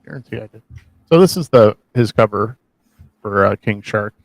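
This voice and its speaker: A man with a gravelly, creaky voice chats loosely on a live stream. He rambles and jokes at his own expense. The sound is dry and close. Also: on the low side, expressive, normal speed, no room sound. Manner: rambling, self-deprecating jokes. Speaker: co-host. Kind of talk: casual chat on a live stream.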